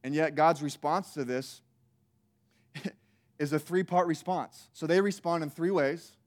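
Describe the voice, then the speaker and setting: A male preacher delivers a sermon in an animated, emphatic manner. His voice sits high for a man, and he keeps the room engaged with rhetorical questions. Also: a little slow.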